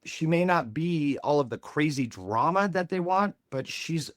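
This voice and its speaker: A man co-hosting a podcast, chatting with enthusiastic, animated energy. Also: a little high, unhurried, no room sound, clean studio sound. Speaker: podcast co-host. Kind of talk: casual chat.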